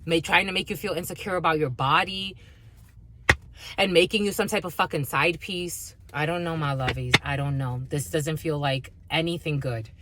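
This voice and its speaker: A woman's voice: low voice, normal speed, heavy background noise. A woman giving an intuitive spiritual reading to her viewers, blunt and heavily profane as she rants. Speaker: spiritual reader.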